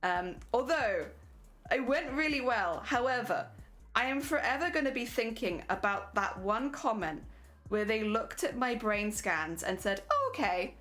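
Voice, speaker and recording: A woman's voice: a little high, expressive, a little slow, a bit bright, faint music behind. A young British woman chatting casually with her viewers during a craft stream, laughing often. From Britain.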